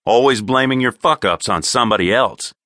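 A man voicing a nervous, sarcastic young man in an audiobook, pitched above his narrating voice. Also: brisk, bright, forceful tone, no room sound, clean studio sound, natural voice.

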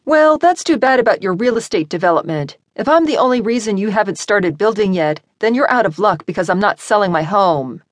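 A woman narrator voicing a fiery young woman homeowner who makes forceful demands in an audiobook. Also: mid-range voice, animated, fairly quick, few pauses, dry recording, voice pushed up, lightly acted. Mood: defiant.

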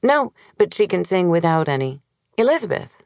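A woman's voice: low-pitched, very animated, unhurried, vocal fry, no room sound, studio quality, pitched above the performer's own voice, full character voice. A woman narrating a memoir audiobook, voicing a pushy, ambitious middle-aged stage mother who gives insistent commands. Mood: commanding.

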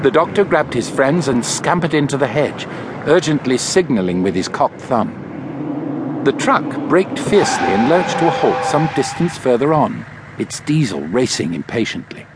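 A man narrating an audiobook in scripted, expressive storytelling. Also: medium pitch, slight background noise.

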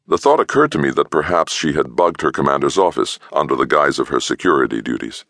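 Very deep gravelly male narrator. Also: expressive, fast talker, few pauses, a bit bright, no echo, clean studio sound. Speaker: audiobook narrator. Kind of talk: scripted first-person narration.

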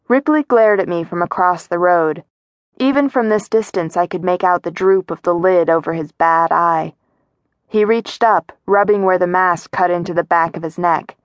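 A woman reads a first-person story aloud with a somewhat low voice. The sound is dry and close to the mic. Her delivery is steady, and she lifts her voice for dialogue. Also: no echo. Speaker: audiobook narrator. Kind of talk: scripted first-person narration.

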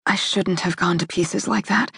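A shaken young woman in grief, voiced by a woman narrator, pleading and stumbling over her words. The voice is husky and breathy. The recording is dry and close, with no room around it. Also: on the low side, steady tone, moderate pace, a bit bright, dry recording, heavily acted. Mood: apologetic. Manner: pleading, stammering. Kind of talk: audiobook character voice.

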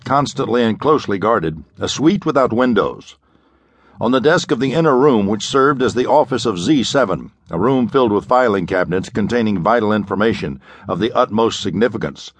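A man with a fairly low voice narrates a vintage pulp adventure in a steady, measured read. The sound is dry and close, a clean studio audiobook take. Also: no room sound. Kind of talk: scripted narration of a pulp novel.

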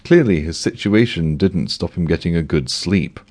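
A man's voice: sits low, lively intonation, normal speed, a little mellow. A man narrating a comic novel with a dry, wry delivery. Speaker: audiobook narrator.

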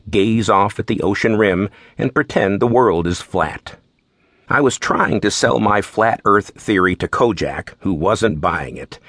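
Male narrator for a detective audiobook, low-ish voice, wry and easygoing, dry studio sound. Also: dry recording. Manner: wry, relaxed storytelling. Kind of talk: first-person audiobook narration.

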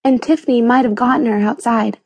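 A woman's voice: fairly high pitch, fairly even intonation, brisk, breathy edge, no room sound. Earnest little boy in a storybook, woman reading him, dry close sound. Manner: earnest, hushed at times. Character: young boy Alex, soft and earnest.

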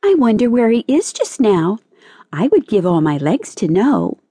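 A woman's voice: on the high side, huge pitch swings, normal speed, warm tone, breathy edge, no echo, studio quality, pitched above the performer's own voice, heavily acted. A woman voicing a timid, anxious female green caterpillar in a storybook audiobook, plaintive and earnest. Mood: wistful.

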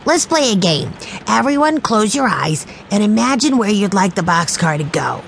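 A woman's voice: sing-song, vocal fry, slight background noise. A woman narrator voicing an eager, hungry little boy in a children's audiobook. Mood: dreamy. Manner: high, slow and wide-eyed.

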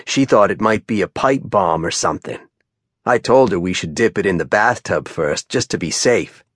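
A man voicing a big, rough backwoods man with a thick Down East Maine accent, plain spoken, humble and worried. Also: low-pitched, expressive, normal speed, fairly bright tone, no echo, clean studio sound, heavily acted. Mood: confiding.

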